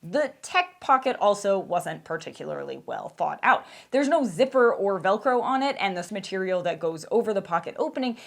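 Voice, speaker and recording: A woman's voice: mid-range voice, animated, normal speed, vocal fry, hardly any pauses. A woman narrating a scripted outdoor gear review in a candid, wry, emphatic way.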